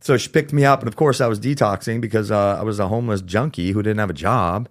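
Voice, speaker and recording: A man's voice: on the low side, quick pace, no room sound, studio quality. A man as a podcast guest, telling his story candidly and casually, with plenty of fillers and the odd swear word.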